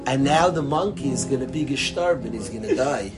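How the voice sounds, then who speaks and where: Rambling, lively male storyteller over music. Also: mid-range voice, a little fast. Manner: lively, rambling, sprinkles in Yiddish words. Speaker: storyteller and speaker. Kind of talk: animated storytelling talk with a lesson.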